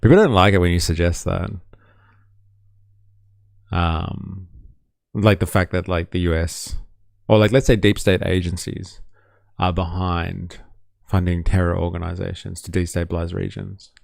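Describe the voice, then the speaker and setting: A man's voice: sits low, fairly even intonation, measured pace, vocal fry, long pauses, a little mellow, dry recording, clean studio sound. A man hosting a livestream, giving sarcastic, laughing commentary over news clips. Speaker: livestream host.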